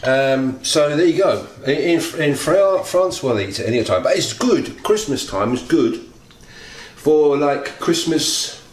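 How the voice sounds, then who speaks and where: A man's voice: fairly high pitch, very animated, measured pace. A man hosting a casual cooking demonstration at home, chatting to viewers in a rambling, friendly way as he works. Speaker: home cooking video host. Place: home kitchen. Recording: echoey kitchen with clattering pans.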